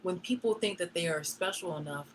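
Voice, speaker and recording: A woman live streaming, telling a personal story in a blunt, profane and animated way. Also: fairly low pitch, a little fast, slight background noise, poor audio.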